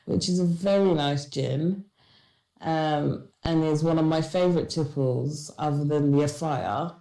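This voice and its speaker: A woman's voice: sits low, unhurried, mellow, roomy sound. A woman from England chatting casually on a stream, tired and a little tipsy, rambling and humming to herself. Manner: drowsy, tipsy, rambling with sing-song humming. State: tired and slightly drunk. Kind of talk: casual chat.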